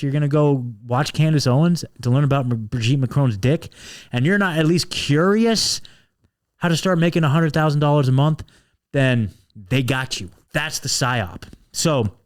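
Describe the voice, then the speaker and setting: A man at a middle pitch hosts his own podcast, talking in a fired-up, passionate rush. He swears freely and stumbles through restarts and fillers. He pushes his listeners like he is giving them a pep talk. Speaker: podcast host. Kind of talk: animated monologue, pep talk.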